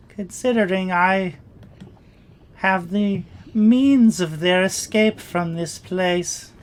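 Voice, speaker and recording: A woman voicing a courtly, sly old crone who speaks slowly and in a mannered way. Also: lowish voice.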